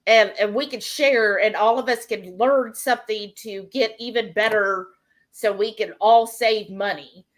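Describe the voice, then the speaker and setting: A woman's voice: mid-range voice, steady tone, unhurried. A woman hosting a casual live cooking stream from her home kitchen, chatting and reading viewer comments aloud. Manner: chatty, reads out and answers chat messages.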